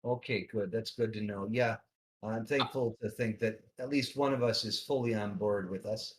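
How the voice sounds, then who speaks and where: A man's voice: lowish voice, steady tone, moderate pace. A man playing in a tabletop game, speaking in character in a polite, formal, hesitant way. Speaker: player. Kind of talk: in-character roleplay.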